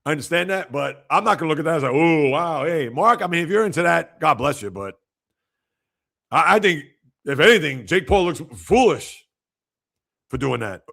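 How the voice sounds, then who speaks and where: A man hosts a casual sports livestream in a raised, gravelly voice. He rambles and fires off rhetorical, exasperated questions. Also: fairly high pitch, animated, brisk, long pauses, bright, forceful tone.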